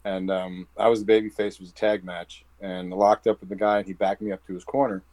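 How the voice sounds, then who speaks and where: A man's voice: sits low, fast talker, no echo, poor audio. A man with a New Jersey accent, a professional wrestler chatting as an interview guest and acting out quoted dialogue. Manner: animated storyteller who acts out quoted dialogue. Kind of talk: casual interview chat.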